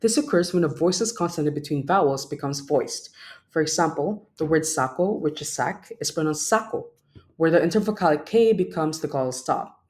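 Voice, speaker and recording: A man's voice: a little high, animated, fairly quick, darkish tone. A young man, a student presenter, reading a prepared class presentation and stopping to sound out example words. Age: young adult.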